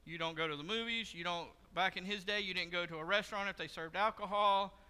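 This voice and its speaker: A pastor giving a sermon in a church, telling stories in a conversational, joking way. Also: male voice, high voice, fast, sharp tone, clean tone. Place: church sanctuary. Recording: long hall reverb.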